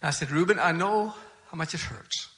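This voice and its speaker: Older male pastor, folksy sermon storyteller, bright, slightly high voice. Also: brisk.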